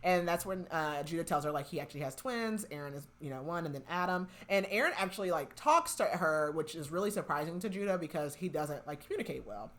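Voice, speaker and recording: Speaking fast and animated, with hardly any pauses, this podcast host has a low, fairly bright voice. The young woman chattily recaps a novel, acting out scenes with quoted lines and peppering everything with "like."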